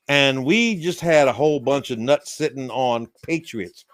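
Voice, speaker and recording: A man's voice: mid-range voice, expressive, a little slow, hardly any pauses, a bit bright, soft background music. A man from the United States hosting a loose, rambling, folksy livestream monologue while drinking beer. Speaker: livestream host.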